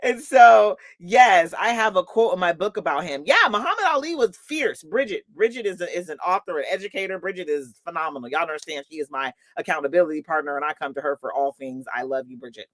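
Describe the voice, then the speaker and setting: A woman's voice: fairly low pitch, expressive, quick pace, hardly any pauses, no echo. A woman hosting a motivational live talk who laughs often and calls her listeners honey and y'all. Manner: laughs often between points. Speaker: host and motivational coach.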